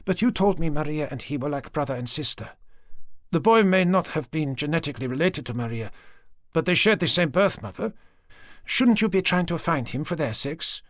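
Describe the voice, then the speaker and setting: A male narrator voicing a sharp, persistent young woman police sergeant in an audiobook. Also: fairly high pitch, expressive, no echo, studio quality, pitched above the performer's own voice. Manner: quick, probing, persistent. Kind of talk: audiobook character voice. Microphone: close studio mic.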